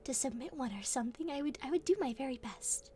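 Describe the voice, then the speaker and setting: A young woman streaming soft ASMR storybook reading, speaking gently and often giggling. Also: high voice, animated, fast talker. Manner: gentle, giggly, softly spoken.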